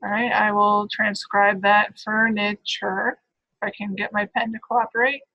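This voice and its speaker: A woman's voice: mid-range voice, level tone, moderate pace, muffled recording. A woman giving a recorded phonetics lecture, explaining step by step and checking in with "right?" and "all right.".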